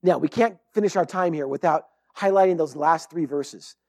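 A man with a high-pitched voice preaching a sermon. He talks in an earnest, conversational way, and the sound is dry and close. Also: moderate pace, a little mellow, dry recording. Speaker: pastor.

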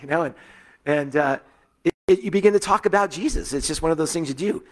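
A man's voice: a little high, a little fast. A middle-aged man giving a sermon as a pastor, telling personal stories in a loose, conversational way with frequent fillers and restarts.

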